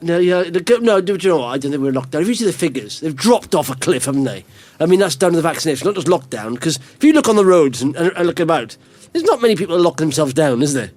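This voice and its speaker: A male podcast host who jokes and banters with an animated, laughing delivery. His voice sits high and swings widely in pitch, recorded dry and close with no room sound. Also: fast, no echo. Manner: jokey, animated, lots of restarts and laughs. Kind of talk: casual banter.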